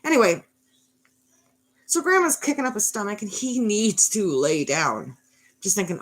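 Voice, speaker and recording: A woman's voice: medium pitch, very animated, normal speed, long pauses, fairly bright tone. A woman in her thirties telling a fairy tale in a wry, rambling way, full of sarcastic asides. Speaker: mother telling a bedtime story. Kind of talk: sarcastic storytelling.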